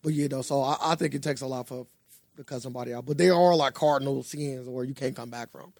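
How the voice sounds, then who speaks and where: A young man co-hosting a podcast, telling a story in a casual, animated way and swearing freely. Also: mid-range voice, fast, vocal fry, no room sound, studio quality. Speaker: podcast co-host. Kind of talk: casual chat.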